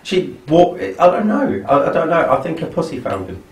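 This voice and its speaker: A man's voice: a little high, very animated, fairly quick, far from the mic. A man co-hosting a casual film commentary podcast, crude and mocking, swearing freely. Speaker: podcast co-host. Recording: echoey room, off-mic.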